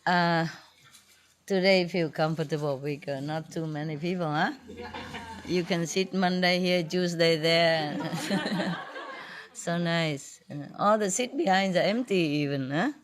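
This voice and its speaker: A spiritual teacher, a woman with a voice on the low side, speaks a little slowly in an informal talk with her audience. She's playful and teasing, laughing often.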